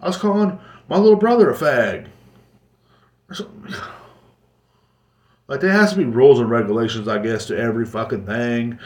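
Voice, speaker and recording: Here a solo podcast host speaks at a normal speed with frequent pauses, his medium-pitched voice a touch mellow. He rambles and jokes casually, with plenty of profanity, in an echoey, roomy recording.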